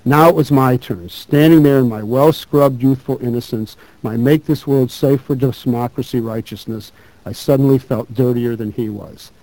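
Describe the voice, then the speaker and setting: Guy reading a story in a talk, calm and measured, mellow dark tone, dry sound. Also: medium pitch, no echo, poor audio. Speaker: speaker.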